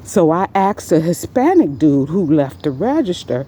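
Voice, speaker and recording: A woman casually recounting a store incident as a vlog storytime, animated and rambling, her pitch leaping up whenever she quotes someone. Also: normal speed, a little hiss or hum. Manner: animated, jumps much higher in pitch when quoting herself and others; rambling, many fillers and restarts. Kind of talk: casual first-person storytime.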